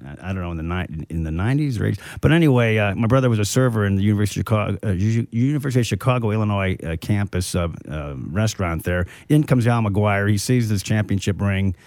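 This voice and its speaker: A man hosts a radio interview in a fairly low voice. He asks relaxed, rambling questions that are full of fillers. The sound is close and dry. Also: fast talker, hardly any pauses, no echo. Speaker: radio host.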